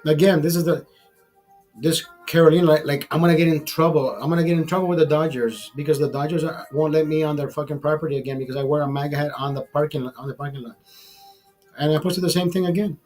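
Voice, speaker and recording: Male streamer, slightly high husky voice, rambling casual chat that loops back on itself, salty language. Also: steady tone, quick pace, a little mellow, soft background music. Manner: rambling, repeats himself, swears freely. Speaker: livestream host.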